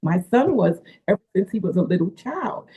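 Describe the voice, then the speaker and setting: A woman's voice: mid-range voice, big pitch swings, moderate pace, dark tone, slightly rough. A woman, a wrestler's manager and caretaker, telling a story in a rambling way with many fillers, heard over a phone-like line. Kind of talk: casual interview storytelling.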